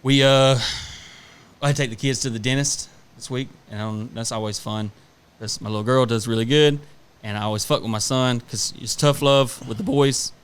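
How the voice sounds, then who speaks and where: This drawling podcast co-host swears his way through rambling anecdotes about his children and work, voicing each side of the family exchanges himself. He talks at a normal speed in a clean, middle-pitched voice with fairly even intonation, keeping the chat laid-back and casual.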